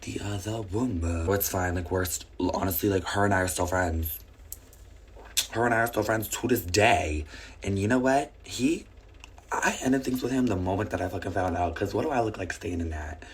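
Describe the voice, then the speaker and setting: A young woman with a raspy, sick-sounding voice, telling a casual storytime with blunt, swearing asides. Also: a bass voice, normal speed.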